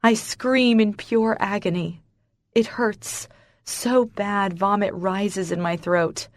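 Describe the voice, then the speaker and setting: A woman's voice: mid-range voice, steady tone, takes it slowly, no echo, clean studio sound. A woman narrating a romance audiobook in the first person, with intense emotional storytelling.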